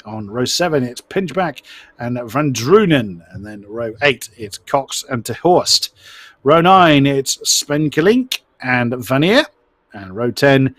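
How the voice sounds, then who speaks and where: A man's voice: medium pitch, no echo. A man giving live commentary on a sim race. He is chatty and self-deprecating and stumbles over driver names.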